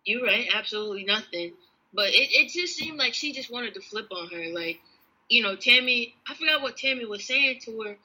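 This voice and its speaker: A woman co-hosts a podcast in laid-back, casual chat. Her tone is very bright and sharp, with a husky grain, and she draws out her retellings. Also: fairly high pitch, expressive, moderate pace, low-quality recording. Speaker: podcast co-host.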